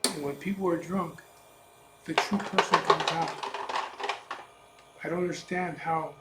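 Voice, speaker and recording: A man telling a personal story in a blunt, profane, emphatic way, casual storytelling style as a biker vlogger. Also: a little high. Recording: echoey room with faint ambient noise.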